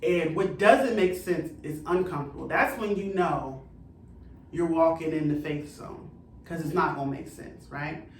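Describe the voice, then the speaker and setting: A woman's voice: sits low, measured pace. Affirming woman host guiding a heartfelt interview, recorded off-mic in an echoey room. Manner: encouraging, affirming, asks long reflective questions. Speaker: podcast host and coach. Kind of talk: interview conversation. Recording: roomy echo, distant mic, faint noise.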